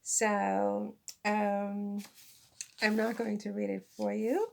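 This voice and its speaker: A woman's voice: medium pitch, flat delivery, takes it slowly, creaky, a little mellow, slight background noise. A woman vlogger chatting casually to camera, self-deprecating and laughing at herself as she recommends her books. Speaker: vlogger and author. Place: lives in France.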